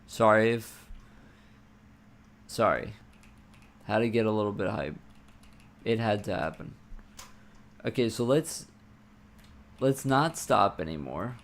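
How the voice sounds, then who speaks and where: Streamer guy, gravelly voice, slow drawl, mutters and swears over keyboard clatter. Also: lowish voice. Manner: muttering to himself, swearing, excitable bursts. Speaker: livestreamer coding a game. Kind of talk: casual live-coding stream talk.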